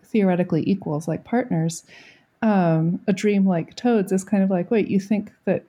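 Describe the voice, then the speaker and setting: Thoughtful, mellow-voiced woman. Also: mid-range voice, husky, lo-fi sound. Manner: thoughtful, hesitant, many fillers. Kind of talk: casual book discussion.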